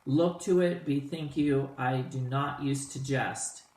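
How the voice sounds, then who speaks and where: A man's voice: mid-range voice, slow, close to an everyday voice. Raging controlling noble father, read aloud by a man, barks his threats, echoey room. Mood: furious. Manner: shouting, threatening.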